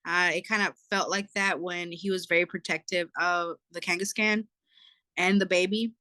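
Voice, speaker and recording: A woman's voice: fairly low pitch, fairly even intonation, moderate pace, pushed and bright, dry recording. A woman co-hosting a podcast, giving her opinion in casual talk, hesitant and restarting her phrases. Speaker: podcast co-host. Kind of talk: casual discussion.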